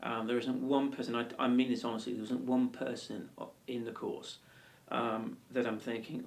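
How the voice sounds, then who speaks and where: A man's voice: medium pitch, flat delivery, moderate pace, creaky, far from the mic, a little hiss or hum. A man teaching a ukulele course in a chatty, encouraging way, with lots of ums and restarts. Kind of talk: casual video lesson and anecdote.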